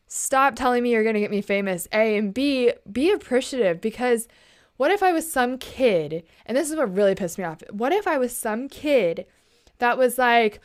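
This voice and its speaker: Chatty young woman, smooth higher voice. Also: expressive, normal speed. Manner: chatty, indignant, slangy storytelling; keeps her voice down. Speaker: vlogger. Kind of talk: casual late-night chat.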